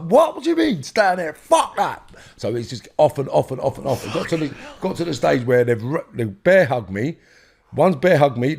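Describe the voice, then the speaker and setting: A middle-aged London man telling a rough story as a podcast guest, swearing and acting out the voices of the people in it. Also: medium pitch. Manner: swearing, animated, acts out quoted voices loudly. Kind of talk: storytelling in an interview.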